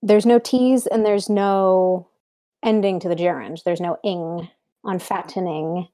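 A young woman with a slightly low, mellow voice talking about books with a friend. She chats quickly and explains through examples and side remarks. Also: fairly even intonation. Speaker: podcast co-host. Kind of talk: casual discussion.

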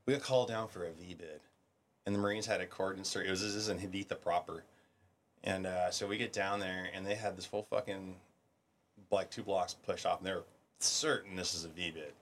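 A man's voice: low-pitched, brisk, slight background noise. A middle-aged man telling war stories in casual podcast chat, swearing freely and acting out the people he quotes. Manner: profane, animated, acts out quoted voices. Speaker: podcast guest, military veteran. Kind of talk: casual storytelling.

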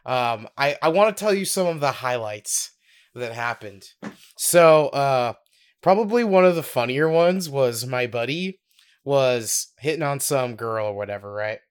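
A young man co-hosting a podcast, telling a story in a casual, giggly, animated way. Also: mid-range voice, clear, resonant tone. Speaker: podcast co-host.

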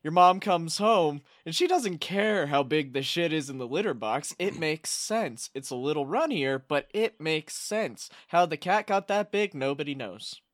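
Man making slow, deadpan jokes. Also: a little high, no room sound, studio quality. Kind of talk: casual comedic chat.

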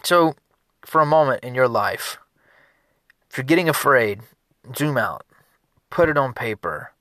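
A man, a business consultant, giving an energetic motivational talk in a conversational, repetitive way. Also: medium pitch, unhurried, no echo, clean studio sound.

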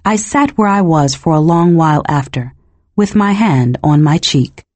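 A woman reading a novel aloud as first-person narration, measured and expressive. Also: sits low, no echo. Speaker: audiobook narrator.

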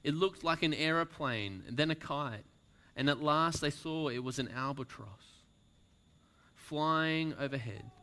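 A man preaching at a slow, deliberate pace, reading a story aloud to his congregation. His voice is bright and crisp, and he lets lines fall almost to a whisper for emphasis. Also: medium pitch. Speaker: pastor. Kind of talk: sermon with a read-aloud story.

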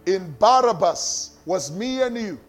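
A man preaching a sermon who repeats key phrases and calls on the congregation to answer, swinging between shouting and quiet, sung lines. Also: high-pitched, expressive, unhurried, faint music behind. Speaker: pastor.

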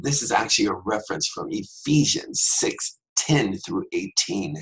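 A man's voice: lowish voice, a bit bright, breathy edge, low-quality recording. A man hosting a devotional podcast who teaches scripture conversationally and drifts into humorous asides.

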